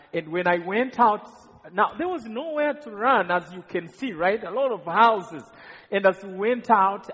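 A man's voice: high-pitched, fairly bright tone, breathy edge. A man from Rwanda giving an earnest testimony in a sermon to a congregation, often repeating words as he stumbles. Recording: dull, reverberant hall recording.

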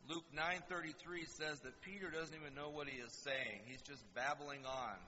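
A man preaching a sermon and explaining scripture, acting out quoted lines with animated asides. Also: on the high side, normal speed, a little hiss or hum. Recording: dull lo-fi sound in a reverberant hall.

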